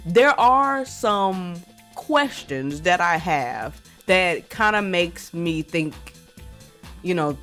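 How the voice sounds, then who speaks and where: A woman YouTuber casually rambling through a game lore theory, hedging a lot and saying "like" and "I feel like" often. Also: fairly low pitch. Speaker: gaming YouTuber.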